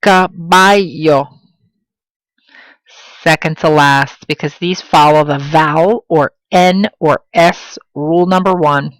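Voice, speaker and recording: A woman teaching a Spanish lesson in English, slowing down to pronounce example words with clear stress. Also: low voice, steady tone, no room sound, low-quality recording. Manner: slow, emphatic pronunciation of example words. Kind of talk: classroom lesson.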